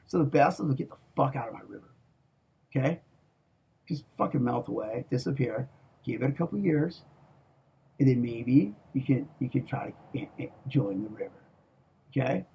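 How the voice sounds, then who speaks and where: A man delivering a profane, menacing monologue, with heavy swearing and a slow, emphatic push on his words. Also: a little high, animated, darkish tone, slightly rough, highs cut off. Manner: slow, emphatic, repeats "okay?". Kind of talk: ranting monologue.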